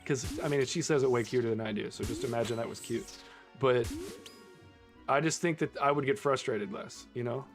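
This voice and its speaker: A man's voice: medium pitch, a little fast, soft background music. A young man chatting casually with his viewers while he plays a game on stream, laughing often. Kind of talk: casual live-stream chat while gaming.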